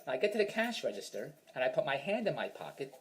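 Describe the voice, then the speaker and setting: A man's voice: mid-range voice, sing-song, fast talker. A man telling a rambling, self-mocking stand-up story in an exasperated rant. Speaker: stand-up comedian.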